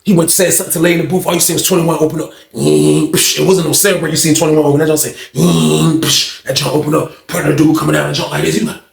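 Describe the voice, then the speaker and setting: A man casually telling a story, profane and animated, acting out voices and sound effects, in a roomy-sounding recording. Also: on the high side, racing, gravelly, hardly any pauses. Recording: roomy echo.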